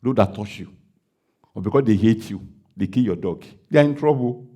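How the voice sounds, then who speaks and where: A Nigerian man, a pastor, preaching a sermon and acting out the dialogue of a story he tells, breaking into loud declarations. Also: fairly low pitch, lively intonation, brisk.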